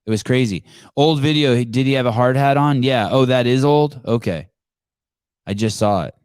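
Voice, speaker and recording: A man's voice: mid-range voice, moderate pace, a little mellow, clear, resonant tone, no room sound, studio quality. A man hosting a live call-in podcast, off-the-cuff, sarcastic and profane. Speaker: podcast host.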